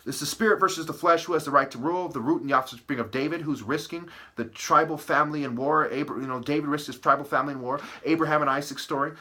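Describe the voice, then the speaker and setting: Male solo lecturer, bright tense tone, emphatic and preachy, berates listeners, leans on "okay?" and "right?". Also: on the high side, fast, hardly any pauses. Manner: punning word-play, repeated "okay" and "right". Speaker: channel host.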